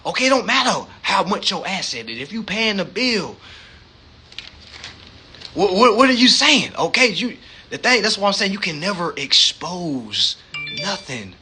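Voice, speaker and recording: A man hosting a live stream, giving a profane, animated monologue full of street slang, repeated words and rhetorical questions. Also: high voice, normal speed, slight background noise. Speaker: livestream host.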